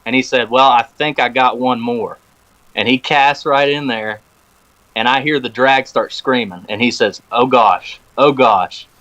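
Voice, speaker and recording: A man's voice: medium pitch, normal speed, lo-fi sound. A man chatting casually on a podcast, telling a long story and acting out the phone calls he quotes. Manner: animated storyteller, acts out quoted phone talk. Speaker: podcast guest. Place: podcast recording room.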